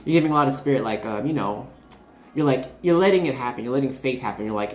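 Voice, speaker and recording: With a very deep, slightly mellow voice, a woman in her twenties speaks fast in a roomy-sounding space, offering her viewers a casual tarot reading. She rambles, uses lots of fillers, and breaks into bubbly asides, cutting herself off.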